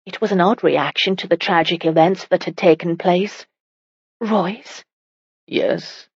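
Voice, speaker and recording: Low-voiced woman narrating a romance. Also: fairly even intonation, normal speed, slightly rough, no room sound, muffled recording. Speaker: audiobook narrator.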